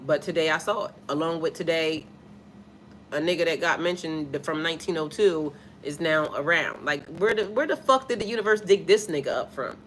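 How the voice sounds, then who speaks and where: A mother who works as a spiritual life coach streams live in a casual style, blunt, emphatic, and full of swearing, breaking off to read viewer comments aloud. Her voice is low and a little fast, with slight background noise.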